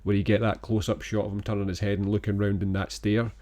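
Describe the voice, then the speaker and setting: A man co-hosting a podcast, chatting about a film in a relaxed, rambling, enthusiastic way. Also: fairly low pitch, fast. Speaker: podcast co-host. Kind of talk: casual film-review chat.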